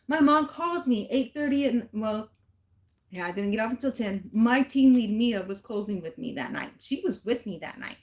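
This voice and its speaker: A middle-aged fitness vlogger tells a personal story in casual chat, her fairly high voice expressive and at normal speed. She speaks straight to her viewers with emphasis.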